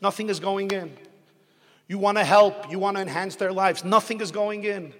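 A man, a rabbi, giving a sermon full of jokes and stories, rising to loud emphatic peaks. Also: high-pitched, steady tone, moderate pace. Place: synagogue hall. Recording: echoey hall recording.

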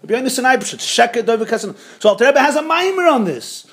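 A man giving an animated Hasidic Torah class, mixing with Hebrew and Yiddish terms. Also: very high voice, quick pace.

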